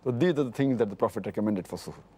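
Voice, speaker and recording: Middle-aged scholar guy, mellow dark voice, lays out rulings and quotes hadith numbers. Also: on the low side, expressive, slight background noise. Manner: measured, cites hadith numbers precisely, repeats points. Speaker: Islamic scholar answering questions. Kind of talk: scholarly explanation with hadith citations.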